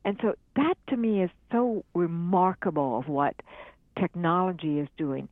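A woman's voice: fairly low pitch, normal speed, no echo. An older woman chatting as a podcast guest, upbeat and talkative, with frequent laughs. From United States. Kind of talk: casual interview chat. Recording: tinny phone line.

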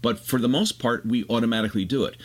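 Male host, mid-pitched, expansive explainer, casual chat. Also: fairly even intonation. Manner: expansive, explanatory, fast bursts. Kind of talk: casual conversation, explaining ideas.

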